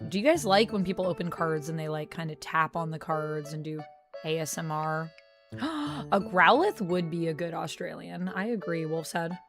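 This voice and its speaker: A woman's voice: on the low side, fairly bright tone. A woman chats playfully with her viewers while she plays a game. She reads their comments aloud and responds in a loose, casual way. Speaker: YouTuber, gaming host. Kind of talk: casual gameplay chat with viewers.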